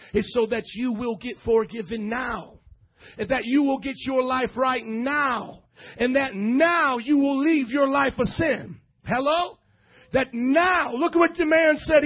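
A man pastor preaching a sermon, calling out to his congregation and building to shouts. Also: extremely high pitch, measured pace, slightly rough, lo-fi sound. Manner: preaching with rising shouts and audience call-and-response.

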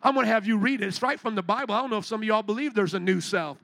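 A man's voice: high-pitched, rapid-fire, fairly bright tone, dry recording. A male pastor preaching a sermon from a stage with a handheld microphone, fervently firing rhetorical questions at the congregation. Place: stage in a large building.

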